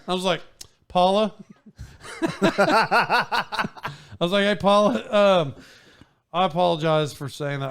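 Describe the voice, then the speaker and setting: A man hosting a podcast, telling a story in a casual, animated way with frequent laughs and restarts. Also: on the high side, creaky, clear, resonant tone. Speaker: podcast host.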